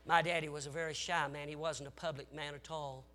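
A man delivers a sermon, telling stories with strong feeling and swinging between shouted exhortation and hushed tones, with folksy asides to the congregation. His voice is on the high side, level in tone, and fairly quick.

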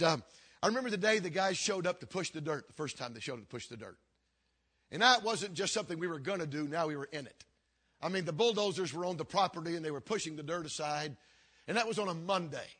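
An older man, a pastor, telling a story in a sermon with earnest, repeating phrases that sink low and quiet. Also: animated, fast, slightly rough. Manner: earnest, repetitive preaching cadence that drops low and quiet.

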